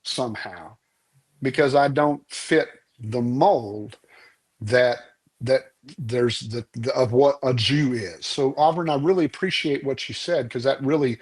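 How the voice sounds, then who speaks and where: A man's voice: medium pitch, measured pace, slightly rough. A man, a musician guest in a podcast interview, speaking earnestly and telling stories with many restarts. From Oklahoma, US.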